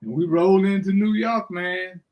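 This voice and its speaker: An older man tells a story with a lot of energy, and his voice sits high for a man. He acts out each part of the conversation, laughs often, and keeps saying "man". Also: normal speed, darkish tone, rough recording. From Washington DC area. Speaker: guest storyteller. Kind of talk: animated anecdote on radio.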